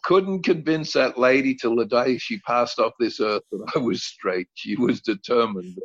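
A man's voice: mid-range voice, measured pace, a bit bright, breathy edge, no echo, muffled recording. An older man, a guest actor, tells colorful, blunt anecdotes and swears freely. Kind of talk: animated anecdote-telling.

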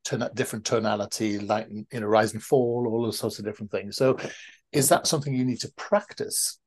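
A man's voice: fairly low pitch, fairly even intonation, a little fast. A man hosting a podcast interview, asking reflective questions and thinking aloud with frequent restarts. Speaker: podcast host.

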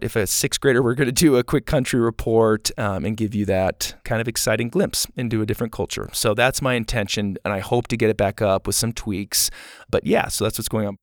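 A man's voice: mid-range voice, no echo, studio quality. A man in his thirties, a podcast host reading listener reviews in a casual, enthusiastic and earnest way to young listeners.

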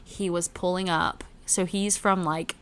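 A young woman chatting casually with her roommates, telling a story with lively quoted voices. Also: on the low side, a little slow, smooth. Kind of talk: casual chat.

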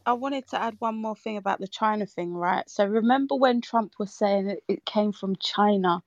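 A woman of middle pitch joins a panel debate, hesitant and trailing off as she speaks. The sound is slightly dull and dry. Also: brisk, no room sound. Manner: hesitant, trails off mid-sentence. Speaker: panel guest.

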